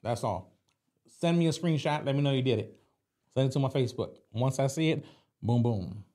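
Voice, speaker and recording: A man's voice: medium pitch, normal speed, warm tone. A man co-hosting a local show, joking around in slangy casual talk and running the giveaway. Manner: joking, slangy, does silly voices. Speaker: co-host. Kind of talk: casual radio show banter.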